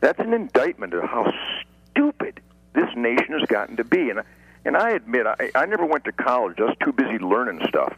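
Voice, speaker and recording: A husky-voiced man in his sixties from Detroit, heard as a guest over a radio broadcast. He talks brashly and boastfully, in rapid rants that swing into sudden shouts, with a raspy edge. His voice sits at an ordinary pitch for a man. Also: very animated, no room sound, muffled recording. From Detroit, USA. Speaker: guest musician. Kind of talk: radio phone interview.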